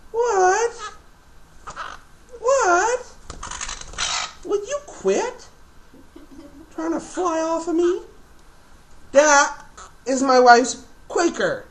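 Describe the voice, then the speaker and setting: A man's voice: very high voice, background noise. A man filming a casual home video, chatting to his pet birds in a sing-song baby-talk voice.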